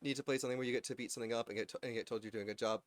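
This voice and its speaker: A man's voice: medium pitch, steady tone, racing, no echo. A worked-up man chatting on a live stream, rambling with stammering restarts. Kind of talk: casual live-stream chat.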